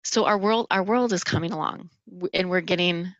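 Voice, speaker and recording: A woman in her thirties hosts a solo podcast in a low, grounded voice. She talks earnestly and haltingly, restarting her sentences often. The sound is dry and a little dull. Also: dry recording. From Minnesota. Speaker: podcast host. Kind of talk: reflective solo podcast talk.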